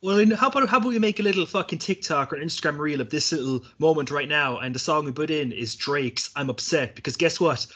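A man's voice: on the high side, expressive, fast talker, few pauses, bright, forceful tone, breathy edge. A man hosting a podcast in casual chat, joking and swearing freely. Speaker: podcast host.

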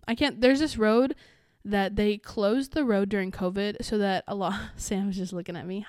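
A young woman chats alone on her podcast, wandering from thought to thought and filling gaps with "like" and "you know." Her voice is smooth and clear, and the recording is dry and close. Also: medium pitch, fairly even intonation, normal speed, hardly any pauses, a little mellow, dry recording. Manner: rambling, chatty, many fillers and restarts. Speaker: podcast host. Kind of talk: casual solo podcast chat.

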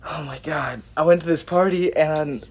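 A man's voice: fairly high pitch, normal speed, breathy edge. A young man co-hosting a casual podcast chat, telling profane stories and laughing often. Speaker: podcast co-host.

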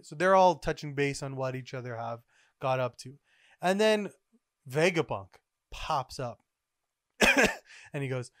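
A man hosting a podcast, recapping comic chapters in a rambling, excitable, casual way. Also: a little high, normal speed, dry recording, studio quality. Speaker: podcast host.

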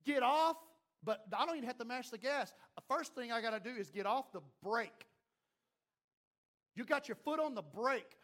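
A man preaching a sermon as pastor, acting out the voices of doubters and of God, swinging from loud to hushed. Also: very high voice, lively intonation, normal speed.

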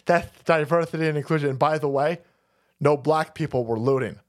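A man's voice: fairly high pitch, a little fast. A man hosting a livestream, ranting and commenting profanely with frequent laughter. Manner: foul-mouthed, laughing, ranting. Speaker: streamer host.

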